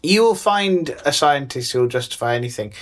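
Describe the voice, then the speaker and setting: A man co-hosting a casual chat show. He argues his points in a measured, explanatory way, picking apart claims as he goes. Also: fairly high pitch, lively intonation. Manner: reasoned, argumentative, reads listener messages aloud. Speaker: podcast co-host.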